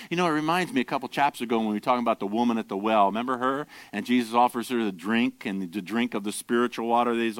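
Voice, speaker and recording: Male pastor, sermon delivery, smooth resonant voice, dry close sound, builds to emphatic peaks. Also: medium pitch, no room sound. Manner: animated, emphatic preaching with rising intensity.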